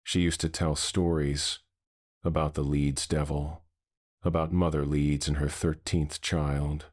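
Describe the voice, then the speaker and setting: A man's voice: a bass voice, little pitch movement, a little slow, darkish tone. A man voicing a frightened, bitter man in his fifties who steadies himself to face a monster. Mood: grim. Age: 50s. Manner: shaky but steadying, bitter. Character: shaken middle-aged man facing a monster.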